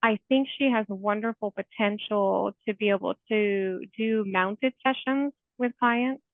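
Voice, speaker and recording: Speaking a little slowly at a medium pitch, with no echo, a woman therapist in her forties is a guest in an interview, recounting stories in a sincere, heartfelt manner and leaning heavily on "like." The remote call audio comes through tinny, like a phone.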